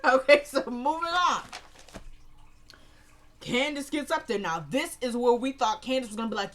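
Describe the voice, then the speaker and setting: A young woman giving a casual, opinionated recap of a TV episode, acting out the characters' lines in quick quoted bits. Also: on the high side. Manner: animated, retells scenes in quoted voices, opinionated. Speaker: show recapper.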